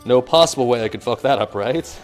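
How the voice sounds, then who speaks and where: A man's voice: mid-range voice, a little fast. A young American man cooking on a live stream, rambling and joking as he reads chat aloud. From United States. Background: faint music.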